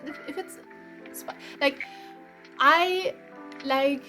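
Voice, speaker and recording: A woman's voice: high voice, very slow, pushed and bright, soft background music. A young woman from Germany with a German accent, giving a casual, rambling tarot reading with frequent restarts and light laughs. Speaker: tarot reader.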